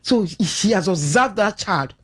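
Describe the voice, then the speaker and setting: A middle-aged woman with a Nigerian accent, a radio guest on parenting, telling stories with lively shifts of voice in a studio talk show. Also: medium pitch, measured pace, breathy edge. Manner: animated storyteller, acts out quotes with shifts of voice.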